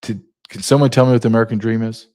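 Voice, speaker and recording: A man's voice: fairly low pitch, steady tone, rapid-fire, dark tone. A man in his fifties hosting a political commentary show, ranting with blunt sarcasm. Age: 50s. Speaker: host.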